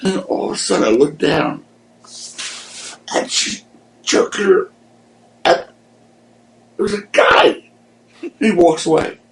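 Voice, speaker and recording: Pria bercerita dengan suara serak, ruangan bergema. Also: male voice, a little high, slow, gravelly, pauses often, echoey room, slight background noise, low-quality recording. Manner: animated, profane, acts out voices in his stories. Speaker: podcast guest, former wrestling promoter. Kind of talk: casual storytelling.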